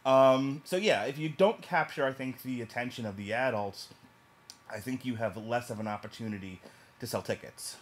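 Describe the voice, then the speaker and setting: A man's voice: mid-range voice, normal speed, slight background noise. A man from New York casually reviewing a movie, talking emphatically and rambling with restarts.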